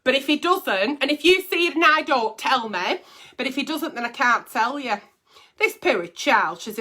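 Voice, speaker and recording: A woman's voice: a little high, sharp tone. A middle-aged woman hosting a casual advice stream, blunt and profane as she reads and answers letters. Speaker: advice show host.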